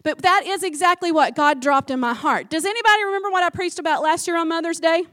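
High-voiced woman pastor preaching. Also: fast. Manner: animated, chatty, with asides to the congregation. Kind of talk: sermon. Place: church.

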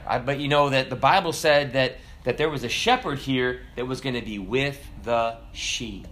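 A middle-aged man preaching a sermon as pastor, animated and emphatic, swinging his delivery up and down. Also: medium pitch.

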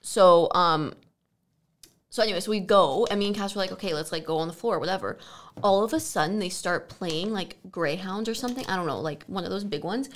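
A young woman from Canada chats casually, rambling from one story to the next. She leans on "like" and drops the odd swear word, and her voice sits in an ordinary middle pitch. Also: brisk, a little hiss or hum. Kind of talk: casual chat.

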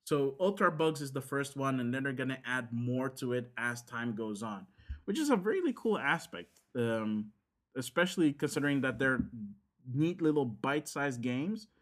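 A man's voice: mid-range voice, animated, moderate pace, fairly bright tone. A man, chatting casually on a podcast and rambling with lots of fillers and restarts. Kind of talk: casual chat about games.

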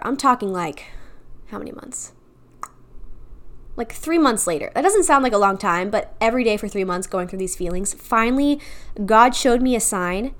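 A young woman in her twenties hosting a podcast, giving an earnest, confessional faith talk full of "like" and "you know". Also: a little high. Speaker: podcast host.

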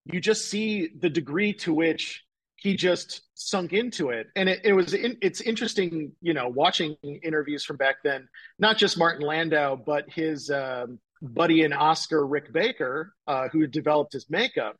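A man with a somewhat higher, husky voice, chatting as a podcast guest. He rambles enthusiastically, stringing thoughts together with lots of fillers. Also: normal speed, a bit bright, low-quality recording. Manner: rambling, enthusiastic, many fillers like "like" and "you know". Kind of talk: casual chat.

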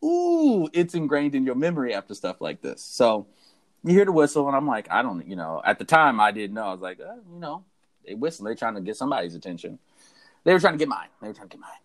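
Young male podcast co-host, mid-pitched, storytelling, animated. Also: fast talker. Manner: animated storyteller who acts out the voices of people in his story. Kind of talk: casual storytelling chat.

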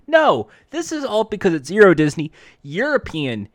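Casting: lively podcast co-host, man, dry close recording. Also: high-pitched, dry recording. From Russia. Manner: animated, quick jokes. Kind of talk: casual comedic movie chat.

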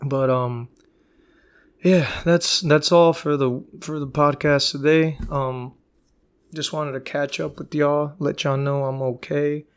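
A man's voice: a little high, steady tone, slow pace, clear, resonant tone. A man hosting a solo podcast, telling stories in a profane, rambling way. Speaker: podcast host. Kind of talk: casual solo podcast monologue.

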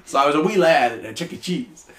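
A man's voice: a little high, lively intonation, a little fast, a bit bright, a little hiss or hum. A young man telling a story with playful exaggeration in casual chat as a podcast co-host. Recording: echoey room.

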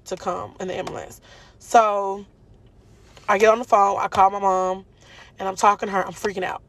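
A woman's voice: mid-range voice, a bit bright, no room sound. A woman telling viewers about a frightening experience in a candid, emotional way, with many ums and you-knows. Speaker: storyteller recounting a car crash. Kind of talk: casual testimony to viewers.

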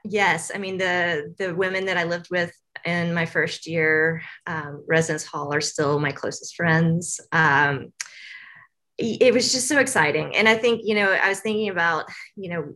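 A woman's voice: lowish voice, fairly even intonation, normal speed, sharp tone. A woman from Tennessee answering interview questions as a university staff guest, chatty and rambling with lots of fillers. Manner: chatty, rambling with many fillers, laughs often.

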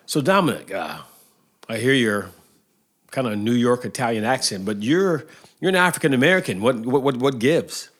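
A man's voice: medium pitch, lively intonation, moderate pace, fairly bright tone. A man playing a polite, earnest news anchor in an improvised comedy sketch, who is taken aback by his guest.

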